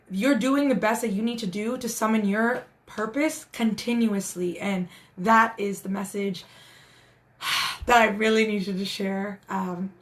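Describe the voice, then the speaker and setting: A woman hosting a casual live stream as a spiritual guide, talking in an earnest, encouraging way with many restarts. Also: medium pitch.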